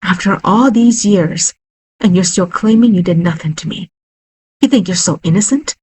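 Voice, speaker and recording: A woman's voice: medium pitch, moderate pace, a little mellow, breathy edge, natural voice. A woman reading a horror story aloud, voicing a bitter, wounded husband who talks in an accusing, pleading way.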